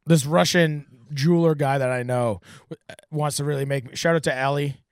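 A middle-aged man co-hosting a casual podcast chat, telling stories with lively acted-out voices. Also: on the high side, brisk, clean tone, dry recording, clean studio sound. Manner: animated storyteller, acts out voices loudly. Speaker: podcast co-host.

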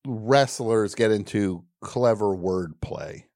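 A man's voice: on the low side, slow, darkish tone, no room sound. Man, radio host, comic banter, dry studio sound. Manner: riffing, puts on goofy voices.

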